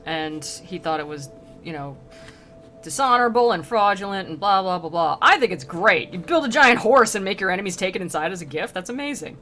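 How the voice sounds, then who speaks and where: A woman streamer casually retelling a classic poem, sarcastic, rambling and animated. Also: on the low side.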